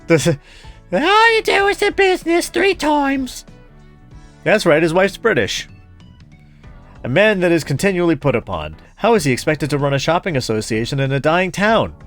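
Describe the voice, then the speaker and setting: Lively man voicing a game playthrough. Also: on the high side. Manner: reads every character aloud, switching voices; jokey, laughs at the game. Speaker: gaming YouTuber. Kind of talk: let's play, voicing game dialogue.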